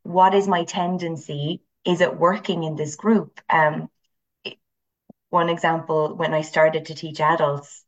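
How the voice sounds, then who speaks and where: A woman with an Irish accent, a teacher speaking as an interview guest and telling animated stories from her classes. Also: low voice, measured pace, muffled recording. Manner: animated storyteller, acts out voices. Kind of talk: conversational interview.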